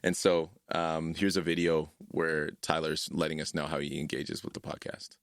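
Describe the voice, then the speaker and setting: Brief: deep-voiced male podcast host in his thirties, chatty and quick to laugh, dry close recording. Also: level tone, dry recording. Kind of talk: casual podcast chat.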